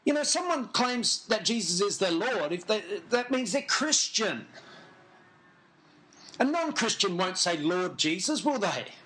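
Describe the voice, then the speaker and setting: In a low-quality recording, a man with a high, bright voice preaches in an unhurried, sing-song way. He speaks earnestly and with emphasis, restates his main points, and drifts into relaxed asides to his congregation.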